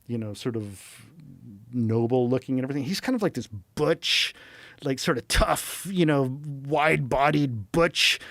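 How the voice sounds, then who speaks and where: A middle-aged man talking casually as a podcast guest, telling animated, rambling stories full of quoted asides. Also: medium pitch, normal speed, no room sound. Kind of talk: casual chat.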